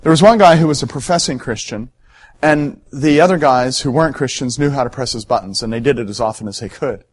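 A male pastor giving an earnest sermon, emphatic at times and dropping soft and low for solemn points. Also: fairly quick, husky.

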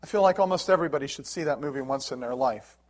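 A man's voice: mid-range voice, racing. A middle-aged man preaching a sermon in an earnest, emotional way, with swells of emphasis. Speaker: pastor.

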